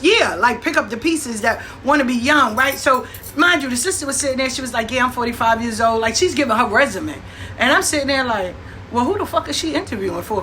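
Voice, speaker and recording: Bright-voiced blunt New grandmother. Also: sits high, slight background noise. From New York. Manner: blunt, profane, animated with acted-out quotes. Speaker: host. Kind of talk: casual storytelling monologue.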